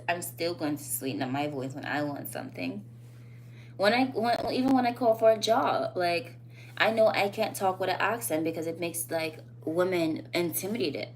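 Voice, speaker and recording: A woman holding forth in a casual vlog, with a slightly low voice that jumps up when she makes a point. She rambles loosely and lands each point bluntly. A faint hum sits under the recording. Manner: blunt, animated, rising to emphatic peaks; loose, rambling phrasing with fillers. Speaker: vlogger.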